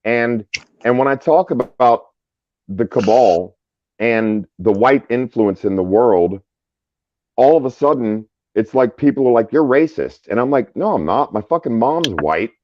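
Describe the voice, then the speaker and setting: A man's voice: mid-range voice, animated, measured pace, no echo. Rambling man on a lo-fi stream. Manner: rambling, repeats words. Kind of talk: casual chat. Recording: dull lo-fi sound.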